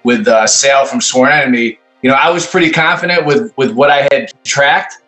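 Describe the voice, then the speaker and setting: A man in casual podcast chat, talking fast, swearing often and repeating his words. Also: medium pitch, a bit bright, faint music behind, poor audio.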